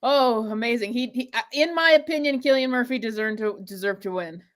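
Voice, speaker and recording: A woman hosting a live watch-party stream, chatting casually and gushing with excitable giggles. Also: a little high, fairly quick. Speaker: livestream host.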